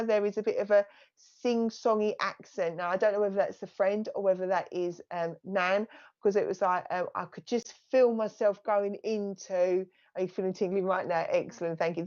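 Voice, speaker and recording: Chatty woman medium on a dull livestream. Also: medium pitch. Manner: soft, chatty, thanks unseen spirits aloud. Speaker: psychic medium. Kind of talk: live psychic reading.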